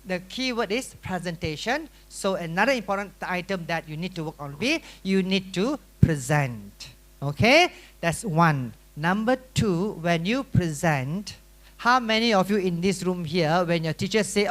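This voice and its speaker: Middle-aged Malaysian-accented male teacher, lively and teasing, bright forceful voice. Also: high-pitched, normal speed. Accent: Malaysian English. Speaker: workshop teacher. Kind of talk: classroom lecture. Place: workshop room.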